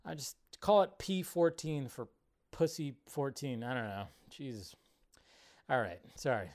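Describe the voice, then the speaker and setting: A man hosting a live movie news show, ranting casually with swearing and big swings between loud and quiet. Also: medium pitch, sing-song, moderate pace. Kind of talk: casual live-stream rant.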